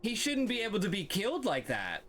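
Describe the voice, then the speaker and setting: A man streams a video game in an animated voice that swings widely up and down. He talks to the game and his viewers, swearing freely, with game music playing clearly underneath. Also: high voice, a little fast. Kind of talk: let's-play gaming commentary.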